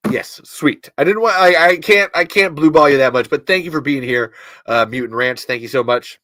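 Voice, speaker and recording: A man's voice: fairly high pitch, normal speed, pushed and bright, no room sound. Midwest guy rambling on his podcast stream, keeps cutting himself off and cussing, dry close mic. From American Midwest. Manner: rambling, self-interrupting, swears and laughs at himself. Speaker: podcast host. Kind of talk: casual livestream chat.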